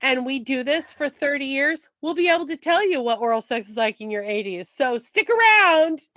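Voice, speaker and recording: High-voiced woman co-hosting a chatty podcast. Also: expressive, moderate pace, bright, forceful tone, no room sound. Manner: playful, teasing, says "like" a lot. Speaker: podcast co-host. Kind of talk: casual chat.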